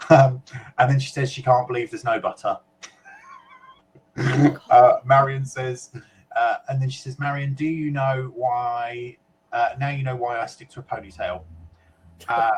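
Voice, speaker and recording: A man's voice: mid-range voice, a little hiss or hum, low-quality recording. A man from the UK co-hosting a casual web chat show, reading out viewer comments in a chatty way with fillers and small asides.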